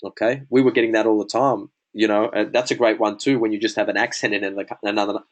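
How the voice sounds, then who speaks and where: A man's voice: lowish voice, fairly even intonation, quick pace. A man giving a casual sales lesson, chatty and full of "bro" and "man", acting out sample conversations. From Australia. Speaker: sales coach. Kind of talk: casual teaching talk.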